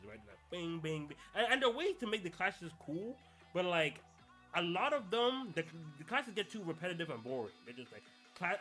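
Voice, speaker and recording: A man's voice: a little high, bright, forceful tone. A young adult man hosting a podcast, talking in casual, slangy solo commentary and laughing through his rants. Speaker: podcast host.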